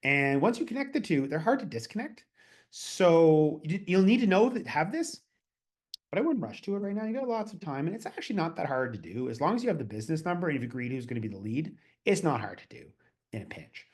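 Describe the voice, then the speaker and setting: Quick, animated man hosting a webinar. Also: on the high side. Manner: casual and chatty, with many fillers and asides. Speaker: webinar host and consultant. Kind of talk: presenting a slide webinar.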